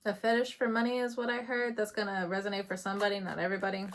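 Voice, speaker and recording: A woman's voice: medium pitch, flat delivery, rapid-fire, a little hiss or hum. A woman doing a casual tarot reading. She talks in a chatty, loose way, laughs often and swears casually. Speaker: tarot reader.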